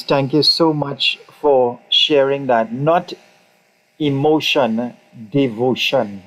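A man hosting an interview, thanking his guest in a gently appreciative way and asking questions. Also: on the high side, rough recording. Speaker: interview host.

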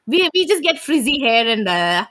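A woman's voice: fairly high pitch, moderate pace, no room sound. A woman co-hosting a podcast, chatting casually about films and filling her talk with "you know". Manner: relaxed, chatty, many fillers. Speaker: podcast co-host. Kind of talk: casual film chat.

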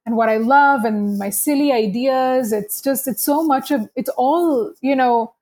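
Young woman, kinda high voice, candid and emphatic podcast chat, lots of "like". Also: unhurried, a little mellow. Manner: emphatic, candid, heavy use of "like". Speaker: podcast guest, podcast host and business owner.

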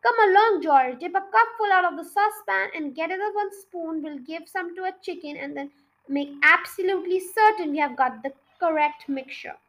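A woman voicing an excitable middle-aged farmer father who shouts eagerly and urgently in a storybook reading. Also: extremely high pitch, normal speed. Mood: excited. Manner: loud, eager, urgent cries.

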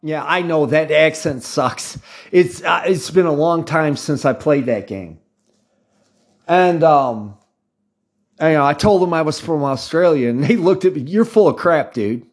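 This American man in his fifties hosts a channel and chats to his viewers at a measured pace in a slightly high voice. His talk wanders into tangents, full of restarts and filler words.

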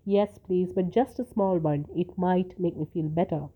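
Woman reading a courteous, grieving young wife, gentle and pleading, tinny phone-like sound. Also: lowish voice, moderate pace, breathy edge. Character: grieving young housewife, sweetly polite and calculating.

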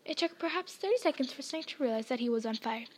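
Woman reader, high voice, plain and slightly halting storybook read-aloud. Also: animated, a little hiss or hum. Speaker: audiobook reader, podcast host. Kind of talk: reading a novel aloud.

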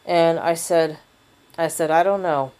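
A woman's voice: deep voice, fairly even intonation, unhurried, darkish tone. A woman hosting a podcast, giving a frustrated, rambling monologue that is full of restarts and swearing. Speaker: podcast host. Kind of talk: personal venting monologue.

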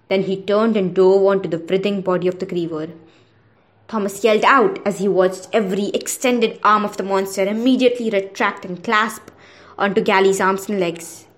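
A woman narrating a novel aloud for a podcast, in a steady, measured way. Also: mid-range voice.

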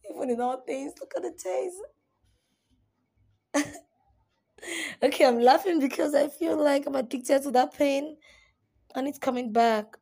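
A young woman performing spoken word poetry, dramatic, swinging between raised pleading lines and hushed whispers. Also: high-pitched, normal speed, gravelly, long pauses.

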